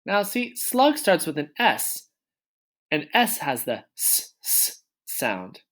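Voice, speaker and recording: A male teacher walks young children through letter sounds, stretching each one out at an unhurried pace. His pitch swoops up and down in a lively, animated way, and he keeps encouraging them with frequent praise. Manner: slow, exaggerated sounding-out of letters and warm praise. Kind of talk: early reading lesson for children.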